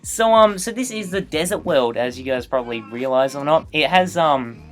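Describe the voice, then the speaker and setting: A man giving casual, rambling gameplay commentary as a let's play host, excitable and prone to tangents. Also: fairly high pitch, normal speed, soft background music.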